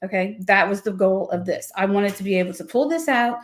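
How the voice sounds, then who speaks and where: A woman's voice: medium pitch, brisk. A woman who owns a craft company, chatting casually and candidly through a product demo with lots of asides and check-ins. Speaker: craft company owner presenting new products.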